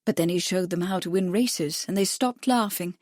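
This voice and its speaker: A woman's voice: on the low side, normal speed, darkish tone, no echo, clean studio sound, lightly acted. A woman voicing a glamorous, teasing actress who is playing hostess, in a storybook reading. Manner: playful, gracious.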